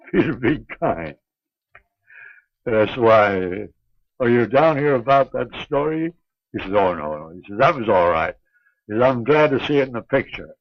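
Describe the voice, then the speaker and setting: An older man being interviewed, telling a long anecdote in a halting, unhurried way with many pauses and restarts. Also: medium pitch, dry recording. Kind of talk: reminiscing anecdote. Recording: dull lo-fi 1950s archive recording.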